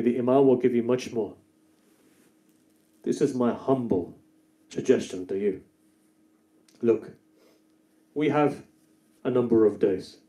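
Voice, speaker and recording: A male preacher with a mellow, warm tone tells a story to his congregation and presses his points with fervor. His voice carries through an echoey mosque hall. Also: mid-range voice, slow pace, pauses often. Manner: storytelling, rising to fervent emphasis. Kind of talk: sermon.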